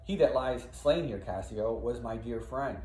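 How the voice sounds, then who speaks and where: A man's voice: mid-range voice, lively intonation, unhurried, dark tone, natural voice. A man voicing a scheming male villain who feigns concern, declaiming verse. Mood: falsely concerned. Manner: declaiming verse with false sympathy. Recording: echoey room, faint background noise.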